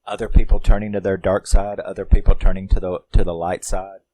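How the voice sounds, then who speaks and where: A man's voice: low-pitched, level tone, brisk, dark tone. A man reviewing a film in a casual, rambling way, often laughing and using lots of fillers.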